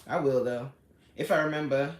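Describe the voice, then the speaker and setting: A very deep female voice at a moderate pace belongs to a woman hosting a relaxed livestream. She's talkative, answers people in the live chat by name, and launches into a story. Expect roomy echo and faint background noise.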